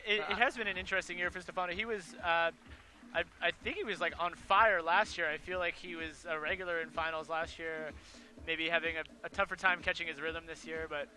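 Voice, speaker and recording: Bright-voiced man giving expert commentary. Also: a little high, fairly even intonation, a little fast. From Canada. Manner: chatty, easygoing expert analysis. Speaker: route setter and co-commentator. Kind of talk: live sports commentary.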